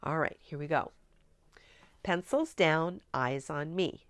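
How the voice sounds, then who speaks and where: A woman training teachers in a spelling method, explaining clearly and deliberately in a coaching tone. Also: sits low, dry recording. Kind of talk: instructional teaching demonstration.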